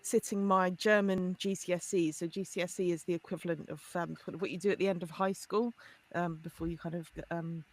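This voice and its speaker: Lively woman telling a story. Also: fairly low pitch, brisk. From United Kingdom. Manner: lively, laughs often, many restarts. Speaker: guest expert, forensic linguist. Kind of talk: storytelling in a podcast interview.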